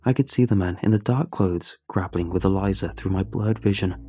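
A man narrating a story in the first person, reading it in a measured, steady way. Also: low voice, husky. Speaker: audiobook narrator.

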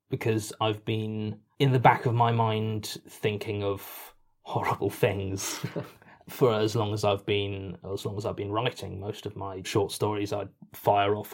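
A man's voice: fairly low pitch, vocal fry. A British man answering interview questions casually, hesitant with many fillers and dry self-mocking jokes. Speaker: podcast writer and performer.

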